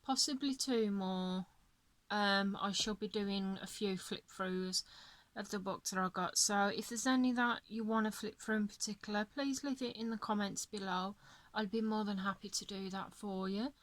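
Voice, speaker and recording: A woman's voice: mid-range voice, moderate pace, no echo. A tired woman chatting casually about her coloring pages, yawning and apologetic. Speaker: coloring channel host. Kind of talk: casual show-and-tell chat.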